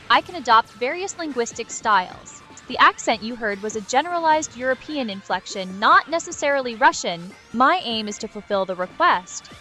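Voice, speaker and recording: A synthetic woman's voice bantering as an AI companion. She is sarcastic and witty, with high, lively intonation, and faint music sits behind her. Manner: sarcastic, witty, mock-exasperated.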